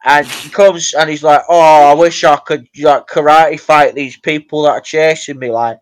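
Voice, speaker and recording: Excitable young man, rambling. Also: a little high, moderate pace. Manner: rambling, excitable storytelling with laughs. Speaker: podcast co-host. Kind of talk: casual chat.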